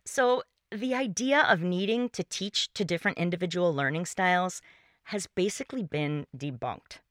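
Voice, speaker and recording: A woman with a bright, forceful tone and a slightly low voice hosts a solo podcast. She explains her points in a clear, measured way into a close mic with a dry sound. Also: no echo. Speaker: podcast host. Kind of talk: solo podcast talk on music teaching.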